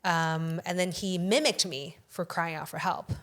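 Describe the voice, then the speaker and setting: A woman with a somewhat low voice tells a long story as a podcast guest. She is casual and rambling. She swears often for emphasis. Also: steady tone, unhurried, fairly bright tone.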